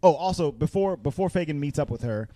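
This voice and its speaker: A man speaking a little fast in a slightly high, mellow, expressive voice hosts a podcast where he and his friends casually recap a film. He wanders off topic, laughs a lot, and breaks into silly voices, with no room sound on the recording.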